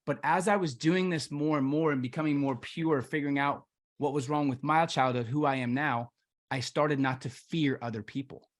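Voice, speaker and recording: A man's voice: on the high side, fairly even intonation, normal speed. A man hosting a podcast interview, talking in an enthusiastic, reflective way. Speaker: podcast host. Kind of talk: interview conversation.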